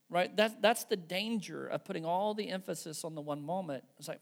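A man's voice: high-pitched, fairly quick, vocal fry, few pauses. A man preaching a conversational sermon to his church, emphatic and frequently checking in with "right?" and "okay". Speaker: pastor.

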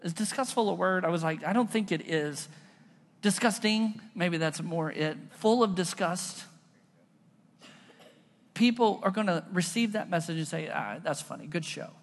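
A pastor delivers a sermon in an easygoing, conversational way, weaving stories into his preaching. His voice sits high and he takes his time. The recording carries the long reverb of a large hall.

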